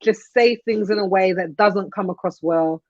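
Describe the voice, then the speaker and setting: A woman's voice: mid-range voice, moderate pace, a little mellow, no echo. A young woman chatting on a podcast panel, telling stories and laughing often. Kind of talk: casual panel chat. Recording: dull lo-fi podcast audio.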